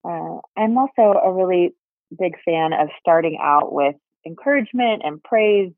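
A woman in her thirties, a guest expert, calmly explaining and acting out example phrases in casual conversation. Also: lowish voice, normal speed, dry recording. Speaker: podcast guest, perinatal mental health specialist. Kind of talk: casual interview chat. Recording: phone-line audio, dry.

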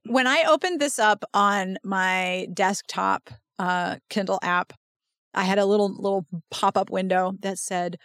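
A woman's voice: medium pitch, a little slow, no echo, clean studio sound. A woman hosting a podcast, recapping a romance novel in casual chat and reading passages aloud with dramatic flair. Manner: animated, dramatic read-alouds with laughs. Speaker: podcast host.

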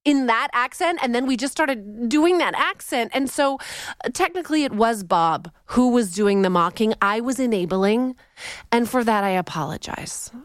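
A Canadian-born woman hosting a podcast, talking in an animated, playful, theatrical way. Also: on the high side, normal speed, smooth, dry recording, clean studio sound. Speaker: podcast host. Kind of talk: casual podcast chat.

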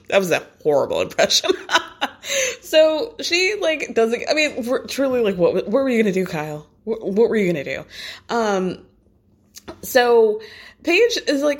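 A woman casually recapping a reality show episode in a gossipy, animated way, laughing often and swearing casually. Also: on the high side, measured pace, pauses often.

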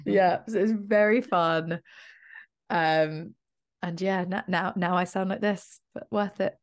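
A woman on a podcast, her voice hoarse and husky from a cold. She chats with a friend in a low-pitched, laughing, easygoing way, full of quick asides. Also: fairly even intonation. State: hoarse from illness. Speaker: podcast co-host. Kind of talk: casual chat.

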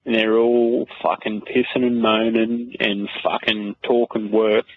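A man's voice: on the low side, flat delivery, unhurried. A man with an Australian accent leaves a matter-of-fact voice message for a podcast. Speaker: listener sending a voice message. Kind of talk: recorded voice message. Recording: tinny phone recording.

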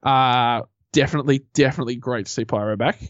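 A man co-hosting a podcast, giving blunt opinions in casual chat and telling stories with animated put-on reactions. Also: mid-range voice, quick pace, no echo, muffled recording. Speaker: podcast co-host.

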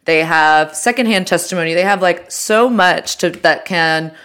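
A woman's voice: lowish voice, moderate pace, fairly bright tone, clear, resonant tone. A woman co-hosting a podcast, chatting casually with lots of fillers and restarts. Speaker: podcast co-host. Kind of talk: casual chat.

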